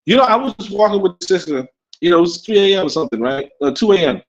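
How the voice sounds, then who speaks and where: A man's voice: sits high, lively intonation, very fast. Rambling Caribbean man on lo-fi audio. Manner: rambling, repeats words, chuckles often. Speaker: podcast co-host. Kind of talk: casual livestream talk. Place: abroad in Africa.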